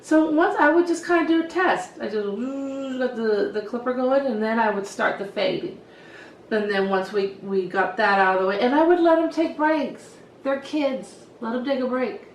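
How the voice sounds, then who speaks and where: A middle-aged woman hairstylist telling stories in a casual, lively way and acting out what she said to the kids. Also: on the high side, normal speed, slight background noise. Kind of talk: casual storytelling to camera. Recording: echoey room, voice from some distance.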